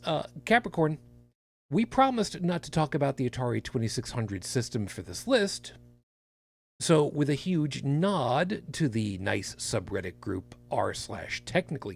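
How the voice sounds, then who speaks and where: Tired male podcast host, raspy gravelly voice, lively pitch, jokey read. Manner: animated, jokey delivery with big pitch swings. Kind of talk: casual podcast chat, reading horoscopes.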